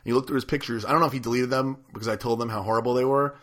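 A man's voice: medium pitch, fairly even intonation, racing, a bit bright. A man hosting a podcast, trading loose, profane banter with his co-host. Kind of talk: casual chat.

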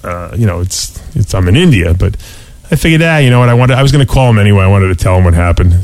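Low-voiced man telling rambling stories. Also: expressive, fast, a little mellow, no room sound. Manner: rambling storyteller, lots of restarts and "you know". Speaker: podcast co-host. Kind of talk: casual chat.

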